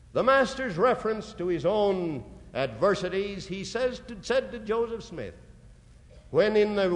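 A man preaching a sermon, slowly and dramatically, reading out scripture quotations. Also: high-pitched. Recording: long hall reverb.

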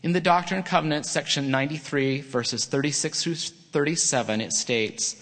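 A man's voice: a little high, moderate pace, a bit bright. A middle-aged man giving an earnest prepared sermon talk in a church chapel, reading with small slips. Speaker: church speaker. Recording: long reverb of a large hall.

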